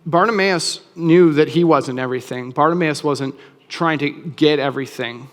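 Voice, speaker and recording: Casual-talking pastor in a reverberant hall. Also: male voice, on the high side, moderate pace. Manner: casual, conversational preaching with frequent restarts. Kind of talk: sermon.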